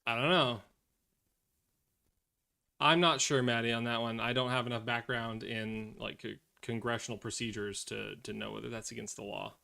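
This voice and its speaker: Casting: male streamer, bright tense voice, profane casual commentary, angry then weary. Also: medium pitch, steady tone, normal speed, creaky. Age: adult, has children. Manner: profane, swings from angry rants to weary mutters. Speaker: streamer reacting to news.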